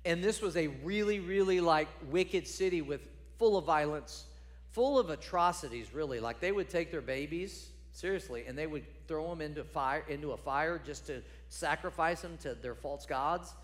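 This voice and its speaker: A man's voice: a little high, moderate pace, long reverb tail. A man preaching a sermon as a pastor, conversational and emphatic, repeating phrases for stress.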